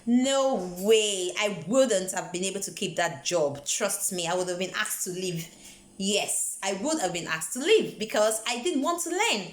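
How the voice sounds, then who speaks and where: A woman's voice: mid-range voice, animated, normal speed. Earnest Nigerian woman in an echoey room. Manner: earnest and emphatic, repeats words while searching. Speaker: vlogger. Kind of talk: motivational career talk.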